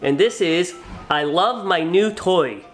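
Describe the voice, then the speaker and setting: Lively teacher reading kids' stories. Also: medium pitch, slow pace, rough recording. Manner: friendly, lively presenter tone. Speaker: teacher reading a picture book. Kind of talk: children's story read-aloud. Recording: soft background music.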